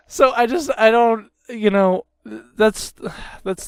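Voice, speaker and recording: A man's voice: sits high, slow pace, vocal fry, clear, resonant tone, no room sound, studio quality. A man hosting a podcast, ranting heatedly in a casual, profane way and repeating himself. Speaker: podcast host.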